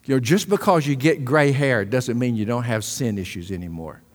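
A man preaching a sermon as pastor, impassioned, swinging between loud emphasis and hushed asides. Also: medium pitch, animated, normal speed. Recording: long hall reverb.

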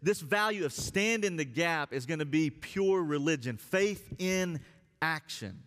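A man's voice: fairly high pitch, expressive, measured pace, fairly bright tone. A man preaching a sermon as pastor, speaking earnestly and drawing out key words for emphasis. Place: church sanctuary. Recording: long reverb of a church hall.

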